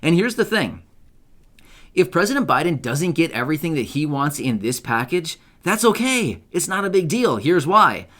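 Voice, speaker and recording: Hosting an online news channel, a man talks casually and excitedly straight to camera, often checking with viewers by repeating "right?" His voice is on the high side at a moderate pace, and his loose delivery is full of fillers, restarts and self-corrections.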